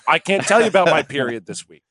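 A man co-hosting a comedy podcast, dropping deadpan wisecracks in casual chat. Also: on the high side, fast, no echo, studio quality. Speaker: podcast co-host.

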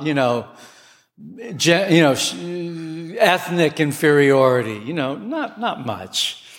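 A man preaching a sermon with passion, his voice climbing to near shouts at times. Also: on the high side. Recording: long hall reverb.

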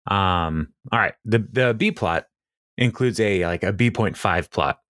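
A man's voice: deep voice, unhurried, a bit bright, no echo. A man hosting a podcast, casually recapping a TV episode in a rambling way, stopping often to act out lines and laugh. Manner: rambling, lots of fillers and laughs, acts out quotes. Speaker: podcast host.

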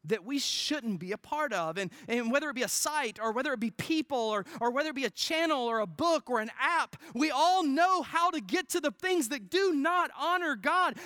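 A pastor delivering a sermon in an informal storytelling way, swinging from loud, high emphasis to near-whispers and often adding "right?". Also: very animated, normal speed, few pauses, no room sound, clean studio sound. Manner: peppers phrases with "right?".

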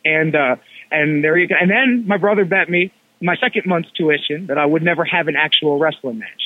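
A man guest on a wrestling podcast, telling stories in a casual, animated way, acting out what people said with slangy asides. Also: on the high side, dry recording. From Cleveland area. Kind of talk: casual storytelling chat. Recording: tinny phone line, dry.

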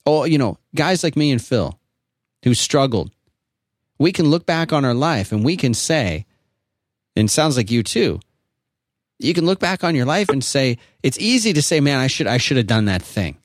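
A middle-aged man hosting a call-in podcast, chummy and animated, calling people dude. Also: mid-range voice, normal speed, no room sound, studio quality. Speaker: podcast host. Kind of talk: casual call-in chat.

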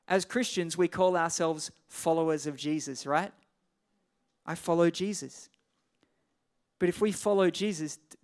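Male pastor, fairly high voice, easygoing sermon delivery mixing Bible readings with chatty asides. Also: steady tone, moderate pace, darkish tone. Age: adult parent. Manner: casual, conversational preaching with scripture readings.

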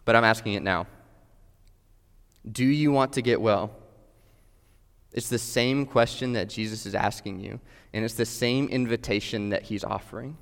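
A man's voice: lowish voice, moderate pace, creaky, pauses often. A man preaching a sermon, earnest and direct, putting questions straight to his listeners. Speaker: pastor. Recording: long hall reverb.

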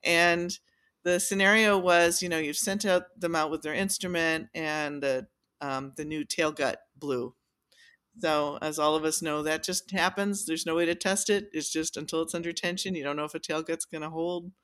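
A woman's voice: low-pitched, steady tone, moderate pace, a bit bright. A woman who makes violins, telling a workshop story in casual chat, with lots of fillers and restarts. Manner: chatty, many fillers and restarts, laughs often. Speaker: violin maker, podcast guest.

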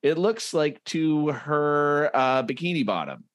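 Slow-talking man co-hosting a podcast. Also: on the high side, animated, dry recording, lo-fi sound. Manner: jokey, describes comic panels slowly with restarts. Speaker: podcast co-host. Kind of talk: casual chat.

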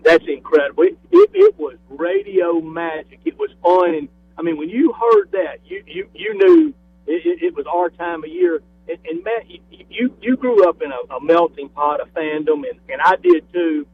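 Over a tinny phone connection, an enthusiastic fifty-something man with a Southern US accent chats casually as a radio guest, frequently repeating the first words of his sentences. At a moderate pace, his high voice swings widely in pitch, with vocal fry and a breathy edge.

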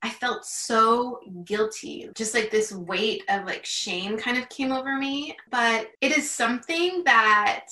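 Earnest, bright-voiced woman in an echoey room. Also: on the high side, takes it slowly, few pauses, distant mic. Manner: earnest, heartfelt, chatty with many "like" fillers. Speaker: guest. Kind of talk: candid conversation.

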